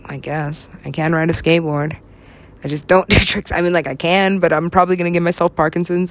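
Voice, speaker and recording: Her fairly low voice keeps a steady tone and a brisk pace. This West Coast American woman rambles through a casual conversation, laughing a lot, cursing without restraint and slipping into goofy voices.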